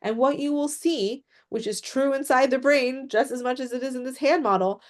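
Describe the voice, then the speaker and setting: A woman's voice: high-pitched, normal speed. A woman presenting a mental health workshop, explaining step by step and often checking in with "right?" and "okay?".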